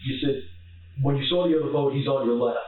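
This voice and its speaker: A man, a police detective, asking quick, probing questions in an interview. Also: medium pitch. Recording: tinny, very echoey, far off.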